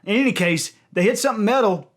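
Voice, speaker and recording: A man hosting a music video reaction, talking to his audience and breaking into loud cries of dismay and delight. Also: sits high, lively intonation, quick pace. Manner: addresses audience as ladies and gentlemen.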